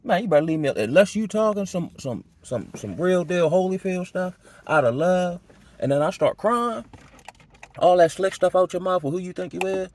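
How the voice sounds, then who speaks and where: A man giving a casual personal testimony, talking loosely in street slang with many restarts, his pitch jumping high when he gets worked up. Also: animated, moderate pace, a little mellow. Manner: conversational, loose street slang, many restarts and "you know what I'm saying"; emotional, pitch jumps high when agitated.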